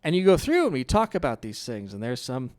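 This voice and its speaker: A man's voice: mid-range voice, a little fast. A middle-aged male pastor preaching a sermon in a conversational, playful way. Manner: conversational, lively and playful with the congregation.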